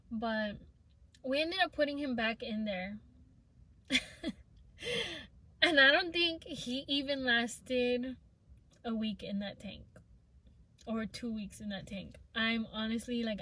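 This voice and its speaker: Chatty woman with a bright, high voice. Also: measured pace, pauses often, slight background noise. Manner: chatty, rambling, many filler words. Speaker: vlogger. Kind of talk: casual storytime.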